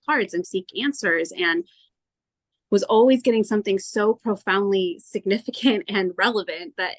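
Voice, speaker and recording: A woman being interviewed as a tarot reader, telling her story in an earnest, animated way and acting out her own past thoughts. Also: medium pitch, normal speed. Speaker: tarot reader, podcast guest.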